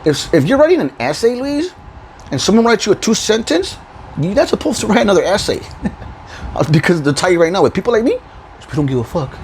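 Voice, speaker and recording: A man ranting straight to camera on his own channel, swearing and confrontational. His pitch swings widely as he jabs at his targets, and he laughs often between his points. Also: big pitch swings, brisk, darkish tone, slight background noise, rough recording. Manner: profane, heated, confrontational, with frequent laughs. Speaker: YouTube channel host. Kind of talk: ranting vlog monologue.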